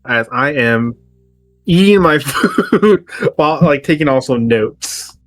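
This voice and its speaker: A man's voice: a little high, animated, takes it slowly, soft background music. A man playing a tabletop game, joking and laughing a lot. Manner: jokey, laughing. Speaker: player. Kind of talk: in-character tabletop play.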